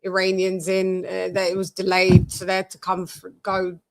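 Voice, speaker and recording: A woman hosting a casual chat show, telling lively, animated stories and swearing freely. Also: lowish voice, normal speed, creaky. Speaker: host.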